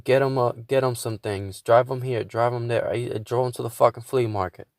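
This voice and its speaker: A man's voice: medium pitch, steady tone, brisk, gravelly, a little mellow, dry recording, clean studio sound. A man hosting his own podcast, venting in a casual monologue with a lot of swearing and stumbling restarts. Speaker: podcast host.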